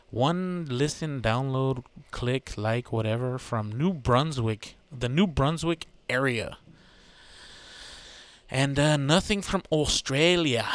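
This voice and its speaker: A man's voice: mid-range voice, no room sound. A man hosting his own podcast, chatting casually in a loose, rambling way, swearing freely and joking. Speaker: podcast host. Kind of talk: casual solo podcast chat.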